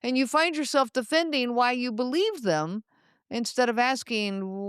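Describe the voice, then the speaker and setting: A woman hosting a solo podcast, speaking in a calm, reflective way and addressing the listener directly. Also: on the high side, unhurried, clean tone, no echo, studio quality. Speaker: podcast host.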